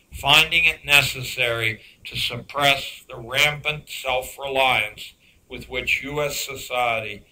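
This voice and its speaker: A man giving a public lecture on education, emphatic and dryly sarcastic, slowing down to stress key words. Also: mid-range voice, sharp tone, rough recording. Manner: dry sarcastic asides.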